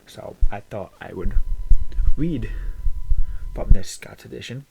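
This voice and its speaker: Soft-spoken rambling YouTube guy. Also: on the low side, animated, slow, vocal fry, slight background noise. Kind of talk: casual vlog chat.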